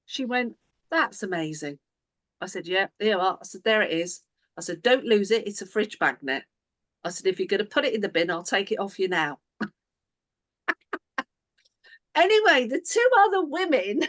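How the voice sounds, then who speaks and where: A woman's voice: medium pitch, unhurried, long pauses. A woman coaching a business team, telling a story and acting out the dialogue of everyone in it. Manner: animated, acts out quoted dialogue in the story.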